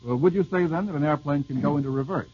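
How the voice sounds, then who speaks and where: On a dull, lo-fi vintage radio broadcast with a little hiss or hum, a fairly high-voiced man hosts a quiz show. He reads out listeners' questions and keeps up wry, joke-filled banter with the panel.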